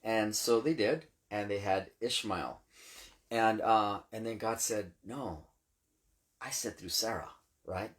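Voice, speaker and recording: A man's voice: on the low side, takes it slowly. A man, a pastor, talking through scripture in a casual chat, retelling it in everyday words and often checking in with "right?". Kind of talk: casual Bible teaching chat.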